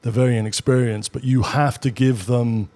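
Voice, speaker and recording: A middle-aged man from the United Kingdom, a former military pilot, telling a story in a measured, explanatory way as a podcast guest. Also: medium pitch, steady tone, darkish tone. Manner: measured, explanatory, pausing to rephrase. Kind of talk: casual conversational storytelling.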